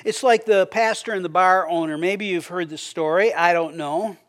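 Male pastor, high voice, relaxed sermon, stammering restarts, acts out prayers. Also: moderate pace. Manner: conversational, repeats words when starting sentences; acts out quoted prayers with a raised voice.

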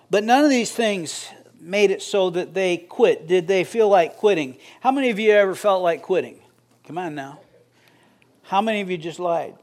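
High-voiced conversational male pastor. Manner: conversational, jokes with congregation. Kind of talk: sermon.

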